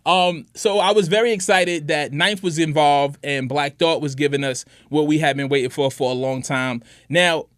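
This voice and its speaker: Laid-back man, slightly high voice. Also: normal speed, few pauses, fairly bright tone, no room sound, studio quality. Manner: laid-back, fills with "you know what I'm saying". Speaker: podcast co-host. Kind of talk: casual chat.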